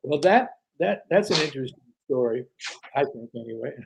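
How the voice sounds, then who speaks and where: A man's voice: mid-range voice, expressive, a little fast, gravelly, noisy background. An older man telling anecdotes as an interview guest, acting out quoted dialogue with frequent restarts. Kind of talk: casual storytelling interview.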